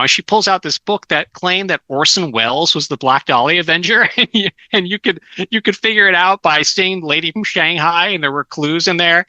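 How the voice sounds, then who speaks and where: A middle-aged man from Southern California, appearing as a guest author, tells casual stories in a slightly high, pushed, bright voice at a moderate pace. His rambling anecdotes are full of restarts and fillers, and the low-quality recording has no echo.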